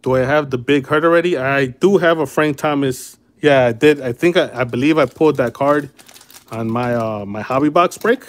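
A man's voice: mid-range voice, normal speed. A man hosting a casual livestream card break, laid-back and friendly with viewers, calling them brother and man. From Chicago area.

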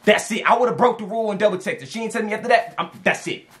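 A man giving casual dating advice as he reacts to text messages, animated and slangy, repeating lines for emphasis. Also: high voice, fast talker.

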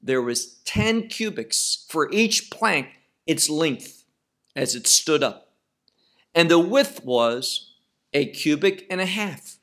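A man teaching a Bible study lecture, speaking deliberately and repeating phrases for emphasis. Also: a little high, expressive, a bit bright.

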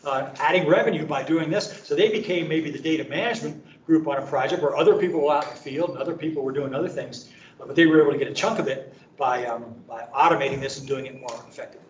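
Chatty trainer in an echoey room. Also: male voice, quick pace, recorded from a distance, a little hiss or hum. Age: middle-aged or older. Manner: conversational, filler-heavy, anecdotal sales pitch. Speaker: presenter at a training event. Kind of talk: conference training talk. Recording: echoey room, speaker away from mic.

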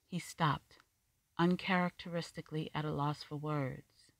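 Measured, wry story narrator, dry sound. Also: mid-range voice, steady tone, creaky, no room sound. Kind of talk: scripted fiction narration.

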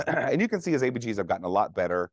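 Rapid-fire and full of big pitch swings, this medium-pitched male voice, recorded without echo, belongs to a veteran trauma nurse lecturing clinicians at a conference. He's conversational and jokey, often asking the room questions.

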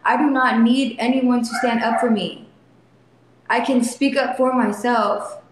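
A woman's voice: on the high side, fairly even intonation, a little slow. Young woman vlogger, livestreaming by phone, emotional and defiant, faint hiss behind her. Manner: emotional, defiant, repeats herself; soft baby talk to her son. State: in back pain while sitting. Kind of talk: casual livestream talk to viewers. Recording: very echoey phone stream, faint noise.

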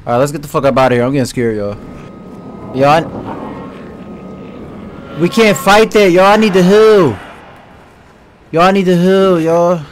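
Young dude streaming a horror game, kinda high voice, cussing and freaking out to chat, faint hiss behind. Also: male voice, lively intonation, moderate pace, pauses often. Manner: jumpy, swears a lot, talks to viewers. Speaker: gaming streamer. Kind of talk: live horror game commentary.

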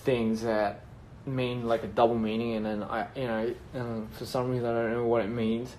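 Guy thinking out loud, kinda puzzled, mid voice, faint hiss. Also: mid-range voice, level tone, moderate pace, rough recording. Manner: puzzled, musing aloud. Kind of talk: casual chat.

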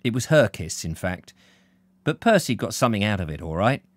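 A man's voice: on the low side, very animated, brisk, dry recording. A British man giving a live reading of a novel, then chatting with viewers and reading out their comments. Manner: storyteller, reads out viewer comments warmly. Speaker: reader and live-stream host.

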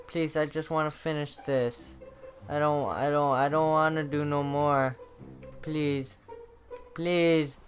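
A gamer giving let's-play commentary on a maze map, muttering to themselves and breaking into panicked shrieks. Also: mid-range voice. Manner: excitable, swings from muttering to shrieking.

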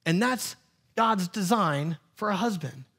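A man in his thirties, a pastor preaching a lively sermon and acting out quotes in playful voices. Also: high voice, measured pace, slightly rough. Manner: animated, acts out quotes in funny voices. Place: church sanctuary.

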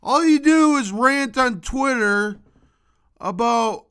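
A man delivering a rambling comedic monologue to camera as the host of his own show, swinging between loud outbursts and low muttering. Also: slow pace, clear, resonant tone. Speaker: vlogger.

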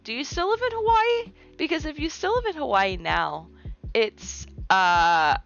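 A woman's voice: high voice, animated, unhurried, gravelly, fairly bright tone. A woman from the United States chatting casually on a live stream, rambling and reading viewer messages aloud, full of "like" and "um.". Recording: dull lo-fi stream audio with faint music. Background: faint background music.

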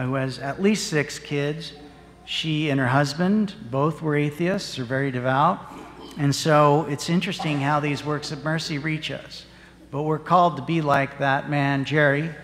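A parish priest giving a sermon, telling a story in an earnest, measured way. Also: male voice, mid-range voice, fairly bright tone. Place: church. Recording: long church reverb.

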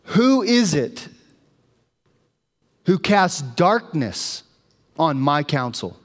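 A man voicing God speaking from a storm, slow and emphatic with mocking questions. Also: sits high, very animated, heavily acted. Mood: thundering. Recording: long reverb of a church hall.

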